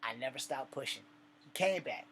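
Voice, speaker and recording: A man's voice: medium pitch, lively intonation, normal speed, a bit bright, slight background noise. A man casually telling an army story in a loose, profane, laid-back way.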